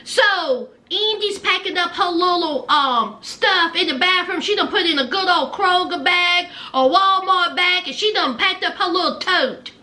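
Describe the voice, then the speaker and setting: A woman's voice: extremely high pitch, a little slow, few pauses, sharp tone. A woman giving a sassy, chatty recap of a reality TV show. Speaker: TV recap host.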